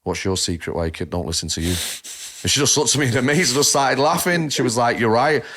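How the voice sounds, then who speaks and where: This podcast co-host has a mid-range voice and a quick pace. Chatting casually, he spins animated stories, cursing freely and performing other people's dialogue.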